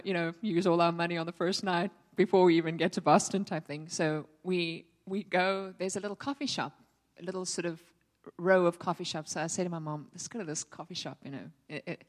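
Woman preaching in a reverberant hall. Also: fairly low pitch. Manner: animated storytelling, quoting herself and others. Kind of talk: sermon with personal story.

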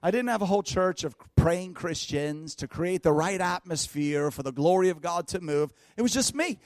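A man preaching a storytelling sermon at a church service, lively, laughing often and breaking into shouts. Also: sits high, normal speed, dry recording. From United States.

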